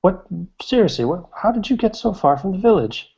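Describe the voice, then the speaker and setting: A man doing a fretful, high-pitched old hermit. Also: big pitch swings, fairly quick, mellow, husky, heavily acted. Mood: fussing. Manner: high, fretful and overly kind. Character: friendly, fussy old male mountain hermit. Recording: dull lo-fi recording.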